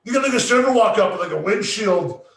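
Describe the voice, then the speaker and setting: High-voiced and expressive, this podcast co-host talks fast in an echoey room. He tells casual stories laced with swearing, acting out other people's lines.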